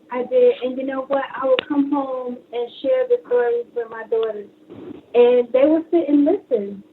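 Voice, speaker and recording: A high-pitched woman from Brooklyn, speaking as a guest author on a radio show. She tells her stories with animated energy and acts out the dialogue as she goes. Her voice comes through a tinny phone line with a faint hiss underneath. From Brooklyn, New York.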